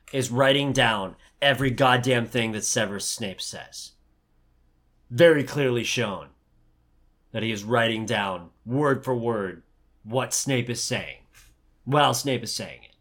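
A man's voice: mid-range voice, a little slow, a bit bright. A man co-hosting a casual podcast chat, swearing freely and retelling scenes with mock voices. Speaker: podcast co-host.

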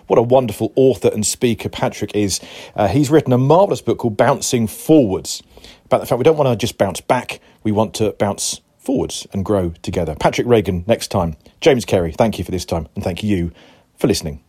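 A man in his forties hosting a podcast, reflective and rambling, with halting restarts. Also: fairly low pitch, animated, mellow, slightly rough. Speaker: podcast host. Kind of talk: casual chat.

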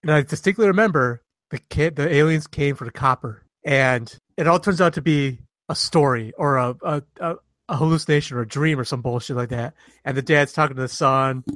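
A man's voice: a little high, a little fast, hardly any pauses, a bit bright, no echo. Rambling, laughing man on a dry mic. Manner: rambling, laughs a lot, swears casually. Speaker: podcast co-host. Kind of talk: casual chat.

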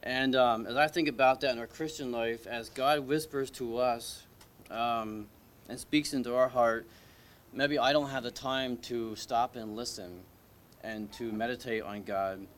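A man's voice: medium pitch, fairly even intonation, measured pace. A man preaching an informal sermon at a church service, talking in a conversational, hesitant way with many restarts and questions to the congregation.

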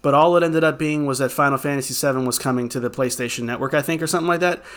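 Animated man telling a gaming story. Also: mid-range voice, rapid-fire. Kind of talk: casual chat.

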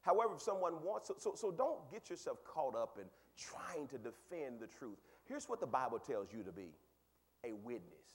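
A male pastor preaching a sermon, talking with the congregation and swinging from quiet asides to loud, high exclaims, with quick repeats of words. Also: very animated, slightly rough. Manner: conversational, asks the congregation questions.

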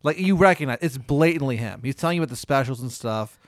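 A man's voice: medium pitch, expressive, fast talker, no room sound, clean studio sound. A man hosting a comedy podcast, spinning a long hypothetical story in a rambling way, full of "like" and "uh". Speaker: podcast host.

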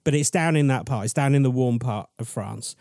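A man's voice: mid-range voice, fairly quick, a little mellow, no echo, clean studio sound. A man co-hosting a podcast, telling a story in a chatty, rambling, self-deprecating way. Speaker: podcast co-host presenting the story. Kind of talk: casual storytelling chat.

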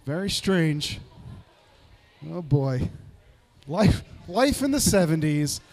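A man's voice: a little high, big pitch swings, slow, a little mellow. A man hosting a live pub trivia night, reading out answers with jokey asides.

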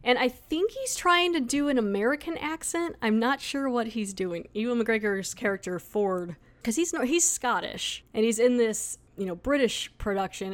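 A woman hosting a casual review podcast, chatty and rambling with lots of fillers. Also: fairly high pitch. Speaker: podcast host.

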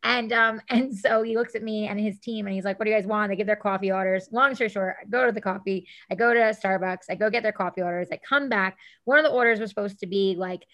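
Animated woman telling stories, lots of "like". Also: mid-range voice, fast, few pauses. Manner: animated, acts out quotes, says "like" often. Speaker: guest, celebrity stylist. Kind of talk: casual storytelling interview.

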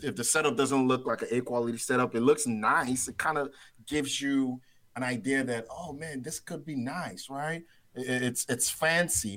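A man's voice: mid-range voice, fairly bright tone. Rambling man telling a trading story. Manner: rambling, repeats words, laughs easily. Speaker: trader guest. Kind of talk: casual interview storytelling.

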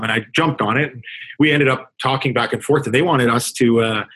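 Husky-voiced Canadian hockey coach. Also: male voice, medium pitch, fairly quick, a bit bright, rough recording. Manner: conversational, reflective, with frequent restarts. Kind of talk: casual podcast interview.

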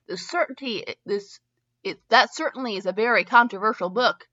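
A woman's voice: fairly high pitch, moderate pace, a bit bright, highs cut off. A woman hosting a show where she reads fanfiction aloud, often tripping over words and laughing at herself between passages. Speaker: podcast host reading fanfiction aloud. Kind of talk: reading a story aloud with comic asides.

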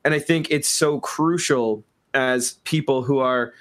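A man's voice: medium pitch, measured pace, a bit bright. A man co-hosting a podcast, talking earnestly with many restarts and "you know"s. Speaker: podcast co-host. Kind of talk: casual interview chat.

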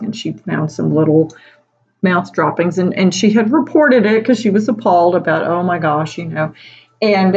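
A middle-aged woman with a fairly low-pitched voice, a teacher, tells an anecdote in a chatty, casual way, laughing often between phrases and using frequent fillers like "you know." The sound is lo-fi.

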